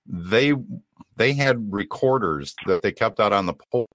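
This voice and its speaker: A man hosting a podcast, explaining things in relaxed casual chat. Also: lowish voice, unhurried, dry recording. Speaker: podcast host.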